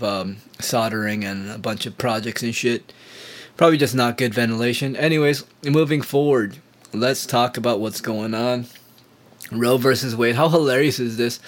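A man talking alone in a loose, heated rant, sarcastic and full of swearing. His throat is still sore from a recent illness, and he talks straight to the listener with a scornful edge. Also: medium pitch. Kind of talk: casual rant monologue.

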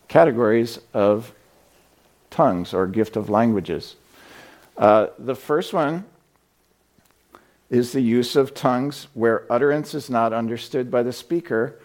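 A pastor giving a sermon in a church sanctuary, talking to the congregation in a relaxed, conversational way. His voice sits in an ordinary middle pitch, and he often pauses with fillers as he tells stories. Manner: conversational storytelling with frequent fillers.

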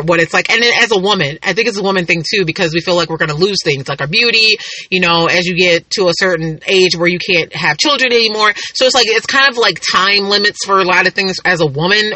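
Chatty woman in her thirties, sharp voice. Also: fairly low pitch, no room sound, low-quality recording. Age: 30s. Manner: rambling, chatty storytelling with frequent laughs. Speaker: podcast host. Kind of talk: casual podcast monologue.

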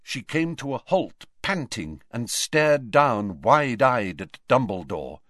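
A man narrating a fantasy novel in an expressive, dramatic reading. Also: medium pitch, slow pace, no echo, studio quality. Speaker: audiobook narrator.

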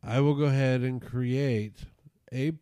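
A man hosting a podcast, tossing off crude jokes in loose banter. His voice sits in an ordinary middle pitch, close to the mic in a dry space. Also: steady tone, a little slow, dark tone, smooth, dry recording. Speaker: podcast host. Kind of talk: casual chat.

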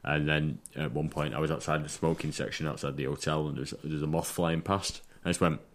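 A very low-pitched man chatting casually with friends on a podcast. He tells long, rambling stories and breaks into laughter easily. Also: fairly even intonation, quick pace. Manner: laughs often, rambling storyteller. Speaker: podcast co-host. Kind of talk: casual chat.

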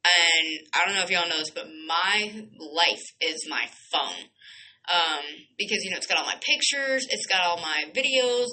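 A woman's voice: fairly low pitch, normal speed, bright, forceful tone, low-quality recording. A young woman, hosting a podcast and telling a rambling personal story full of fillers and asides. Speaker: podcast host. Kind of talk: casual storytelling monologue.

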